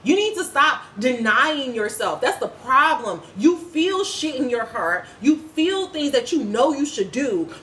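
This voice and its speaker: A woman's voice: high-pitched, fairly bright tone. A woman giving a casual spiritual reading in a vlog, ranting bluntly and profanely like a preacher. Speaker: spiritual reader. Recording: echoey room with faint ambience.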